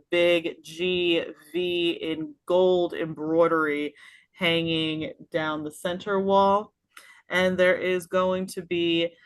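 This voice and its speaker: A woman running a tabletop game as game master, narrating in an unhurried way with many small pauses and fillers. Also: on the low side, dry recording.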